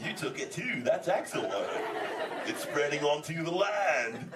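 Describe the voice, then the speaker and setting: At a live theme park show, an actor voices a laid-back male sea turtle who talks like a surfer, saying "dude" constantly and chatting goofily with the audience. His voice is fairly high with lively intonation and a measured pace. It was taped from the audience in an echoey indoor theater, with distant mic and crowd noise.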